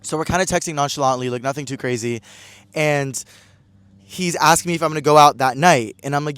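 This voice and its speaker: A man telling a casual storytime vlog, chatty and animated, acting out other people's lines in a higher voice. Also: a little fast, clear, resonant tone, dry recording. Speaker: vlogger.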